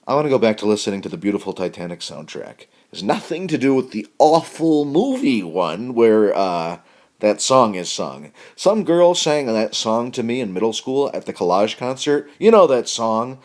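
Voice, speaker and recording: A middle-aged male comedian delivering a meandering, deadpan comic monologue, breaking now and then into loud mock line readings. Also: fairly low pitch, moderate pace. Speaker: comedian, podcast host.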